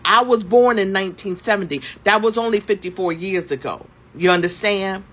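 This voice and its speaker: A woman's voice: on the low side, fairly bright tone. A woman in her fifties telling a story in a conversational, emphatic way, with frequent rhetorical questions. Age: 50s. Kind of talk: storytime vlog.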